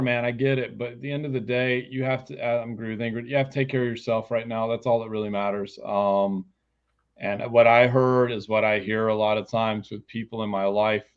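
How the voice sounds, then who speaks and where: Blunt, foul-mouthed man reading cards. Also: mid-range voice. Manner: blunt, casual and heavily profane. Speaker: psychic card reader. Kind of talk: live online tarot reading. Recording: dull lo-fi stream audio.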